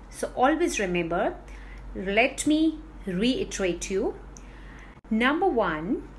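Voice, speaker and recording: A woman teaching pronunciation in a slow, deliberate way, repeating words to drill the stress. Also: fairly high pitch, fairly bright tone, a little hiss or hum, rough recording. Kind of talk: spoken English lesson.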